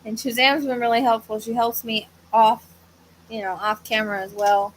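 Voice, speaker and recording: The poor audio, carrying a little hiss or hum, captures a woman with a slightly high voice, flat delivery and normal speed. She hosts a psychic medium livestream from home with a fan running, talking casually in a tired, hesitant, rambling way, heavy on fillers and with occasional yawns.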